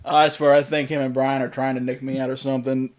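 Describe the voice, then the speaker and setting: A man's voice: medium pitch, flat delivery, fast, a little hiss or hum. A young adult man hosting a stream, telling stories in casual chat and laughing often. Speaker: streamer host.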